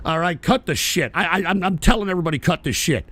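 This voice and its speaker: A man hosting a live political stream, ranting with profane, scornful outbursts that rise into shouts. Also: sits high, fast. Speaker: host.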